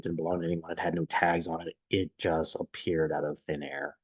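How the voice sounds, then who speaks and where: A very deep, gravelly male voice tells a personal story to a friend. He rambles and halts, restarting sentences as he hunts for words. The sound is close and dry. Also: no echo, poor audio. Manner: rambling and halting, with many restarts; shaken, searching for words. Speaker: man recording a personal message to a friend.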